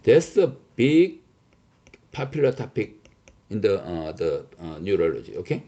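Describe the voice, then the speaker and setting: Male lecturer, emphatic, lots of "okay?", animated pitch, muffled lo-fi audio. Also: measured pace. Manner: many fillers and restarts, repeats "okay?"; emphatic, reassuring. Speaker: teacher.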